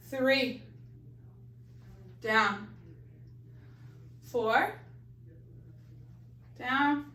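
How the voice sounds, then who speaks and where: A woman's voice: a little high, bright, forceful tone, recorded from a distance. A woman leading a balance exercise class, counting reps and giving coaching cues, a little out of breath. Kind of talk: live fitness class instruction. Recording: echoey room, voice off-mic.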